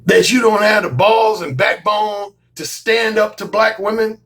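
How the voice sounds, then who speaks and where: A man's voice: high-pitched, measured pace, fairly bright tone. A man who works as a dating coach, telling a story in a casual monologue, emphatic, often repeating his phrases and swearing freely. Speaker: dating coach and YouTube commentator.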